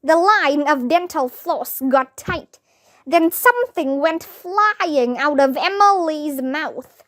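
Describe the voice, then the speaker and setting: A woman reading a children's chapter book aloud, narrating in a lively way and giving each character a voice. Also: high voice, slow pace.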